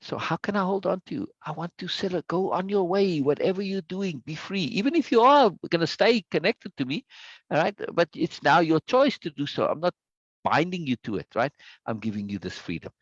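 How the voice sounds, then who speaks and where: A man's voice: high voice, animated, fairly quick, dry recording. A man speaking earnestly and emphatically as a self-development teacher, repeating key phrases in a reflective talk to his listeners. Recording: dull lo-fi dry sound.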